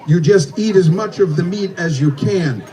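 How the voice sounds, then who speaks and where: A man emceeing a live eating contest, with theatrical, hyped commentary and countdowns that he shouts out. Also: high voice, normal speed. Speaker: contest announcer. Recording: distant outdoor PA with crowd and music.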